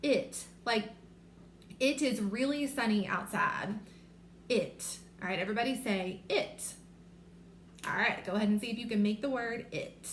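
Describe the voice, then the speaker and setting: A woman teaching a remote reading lesson to young children, sounding out letters and words slowly and clearly. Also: on the high side. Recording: echoey room with faint noise.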